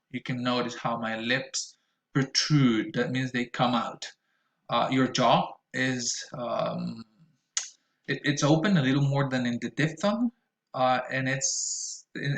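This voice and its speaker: Male pronunciation teacher, deliberate and exaggerated in his delivery, mid-pitched voice, roomy echo. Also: fairly even intonation, fairly bright tone. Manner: slow, deliberate, exaggerated vowel modeling with frequent fillers. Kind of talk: recorded pronunciation lesson.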